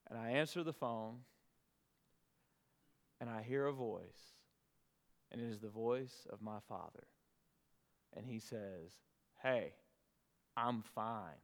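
A pastor telling a personal story in his sermon, earnest and measured, with dramatic pauses. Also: on the low side, vocal fry. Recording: long reverb of a large hall.

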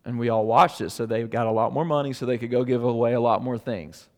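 A man preaching a sermon in a conversational, storytelling way, with loud emphatic peaks that drop to hushed near-whispers. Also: medium pitch, quick pace, in a large hall. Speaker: pastor.

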